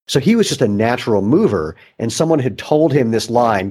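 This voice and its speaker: A man hosting a podcast, telling coaching stories in relaxed conversation. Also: medium pitch, fairly quick, few pauses, slightly rough. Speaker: podcast host. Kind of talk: casual conversation.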